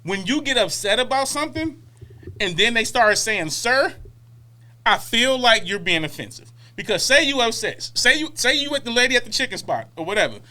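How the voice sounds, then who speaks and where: High-pitched animated joking man. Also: fairly quick. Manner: animated, joking, acts out quoted voices. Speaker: podcast co-host. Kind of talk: casual chat.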